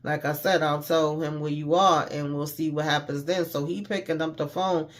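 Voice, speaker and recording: A man's voice: fairly high pitch, steady tone, moderate pace. A man giving a casual, slangy recap of a TV episode, retelling scenes by quoting the characters with mild cursing. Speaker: TV show recapper.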